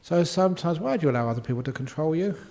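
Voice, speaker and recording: Older monk giving a joking dharma talk. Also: male voice, a little high, animated, very fast, a little mellow. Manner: humorous, playful, acts out quotes and sound effects. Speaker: Buddhist monk teacher. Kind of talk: dharma talk answering questions.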